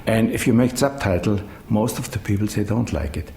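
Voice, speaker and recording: A middle-aged man speaks English with a German accent, pausing often to find his words. His voice sits very low. The recording is echoey, with a faint rumble behind him. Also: gravelly, warm tone. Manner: halting, searching for English words with many ums. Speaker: managing director of a dubbing studio. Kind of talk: interview answers.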